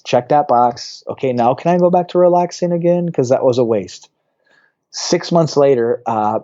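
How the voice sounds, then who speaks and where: A man, a pastor, telling a personal story as a guest on a podcast, animated and acting out the voices of people in it. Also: medium pitch, muffled recording. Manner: animated storyteller who acts out quoted voices.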